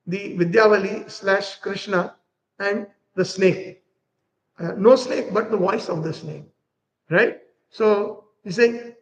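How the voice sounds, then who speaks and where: A man's voice: sits high, poor audio. A middle-aged male preacher, giving a devotional lecture and telling a story, explaining terms and acting out characters.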